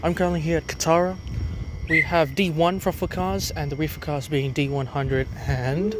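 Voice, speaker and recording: A young Australian man with a fairly high, fairly even voice vlogs about trains at normal speed while outdoors on a station platform. He rambles in casual walking commentary with fillers and restarts, a lozenge in his mouth, and the recording is very noisy.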